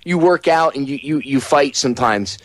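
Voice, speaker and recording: A man's voice: medium pitch, normal speed, no echo. A man hosting a talk radio show, speaking casually and animatedly, often mocking people in put-on voices.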